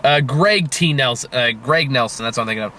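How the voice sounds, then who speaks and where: Bright-voiced chatty young man. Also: mid-range voice, brisk, a little hiss or hum. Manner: chatty, laughs often, swears casually, fillers and restarts. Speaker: movie review host. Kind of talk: casual movie review chat.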